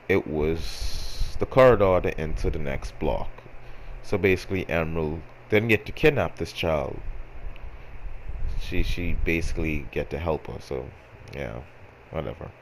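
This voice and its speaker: A man's voice: low-pitched, a little hiss or hum, rough recording. A man telling a story in a casual, rambling way, often correcting himself and repeating phrases with wry, self-mocking humor. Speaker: storyteller vlogger.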